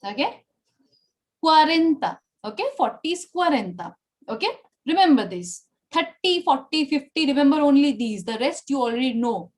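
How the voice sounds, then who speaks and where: High-voiced Indian woman teaching Spanish. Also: animated, moderate pace. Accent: Indian English. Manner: encouraging, repeats and praises often. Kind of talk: online language class.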